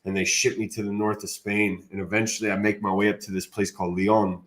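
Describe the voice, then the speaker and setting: A man, an interview guest, telling a long story in a casual, animated way and saying "bro" a lot. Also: fairly low pitch, fairly quick. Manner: animated, slangy, says "bro" often.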